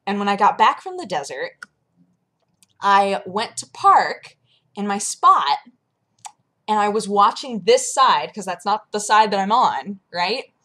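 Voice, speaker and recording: A woman's voice: medium pitch, very animated, unhurried, bright, forceful tone. A young woman vlogger chatting casually and telling a story, acting out her own reactions as she goes. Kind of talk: casual chat.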